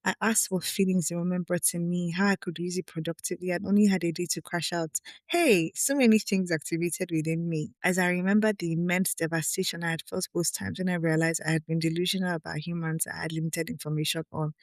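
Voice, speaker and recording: A woman's voice: on the low side, steady tone, fast, few pauses, dry recording. A woman reads her own essay in a close, dry recording with little room sound. She is candid and emotional, and she often breaks off to speak straight to her listeners. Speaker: podcast host. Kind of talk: reading her own article with personal asides.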